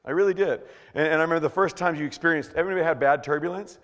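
A male pastor preaching a sermon, swinging from hushed, slow words to shouted bursts. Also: a little high, long reverb tail.

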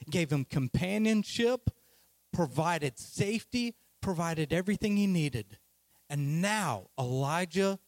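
A man preaching a sermon as a lively, casual, slangy retelling of a story. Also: a little high, no room sound.

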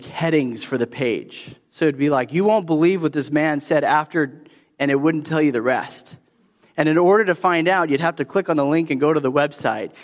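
A man delivers a conversational sermon with a fairly high voice. The sound is dull and a long reverb hangs in the hall behind him. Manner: conversational storytelling, many restarts and fillers. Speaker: pastor.

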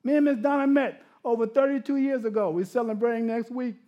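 High-voiced middle-aged male preacher. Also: quick pace, muffled recording, a little hiss or hum. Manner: animated storytelling that drops to hushed, intimate tones; laughs often while telling stories. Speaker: pastor. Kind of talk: sermon.

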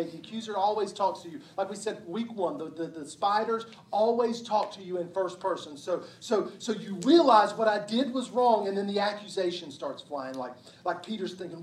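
A pastor preaching a sermon in a church, conversational and emphatic, often checking in with the listeners. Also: mid-range voice. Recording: roomy hall sound from a distance.

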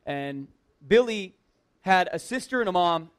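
A man who works at a church tells a personal anecdote in a lively, conversational way, full of "like" and self-mocking humor. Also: high-pitched, measured pace. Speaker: church worker telling a personal story. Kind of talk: casual personal storytelling.

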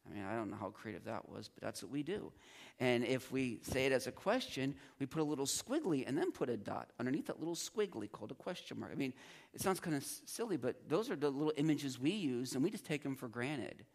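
A man's voice: mid-range voice, lively intonation, brisk, vocal fry. Man teaching a Bible class. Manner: conversational, acts out students' reactions.

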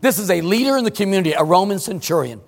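A male pastor preaching a sermon in a church, emphatic, swinging between loud exclamations and hushed asides. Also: sits high, animated, racing, creaky, big-room sound. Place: church sanctuary.

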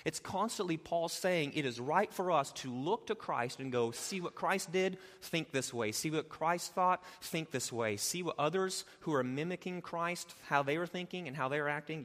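A man preaching an expository sermon, moving between quiet explanation and loud, emphatic urging. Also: a little high, animated, normal speed, few pauses, in a large hall. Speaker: pastor.

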